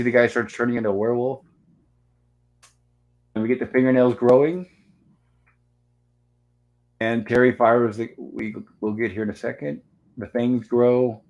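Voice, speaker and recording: A man at a mid-range pitch hosts a live panel movie review. He retells the film step by step, reading lines aloud as the scenes play. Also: a little mellow. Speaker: host.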